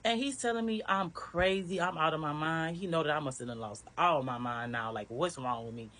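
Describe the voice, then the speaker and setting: Bright-voiced woman telling a blunt story. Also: sits low, fairly quick. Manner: candid and blunt, with swearing and vivid retelling. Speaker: storyteller recounting her marriage. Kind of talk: casual personal storytelling.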